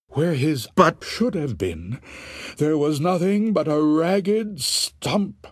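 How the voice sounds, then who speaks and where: A man telling a comic parody of a scary story in a dramatic, slow storytelling manner. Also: on the high side, lively intonation, breathy edge, no room sound, studio quality. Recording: music playing behind.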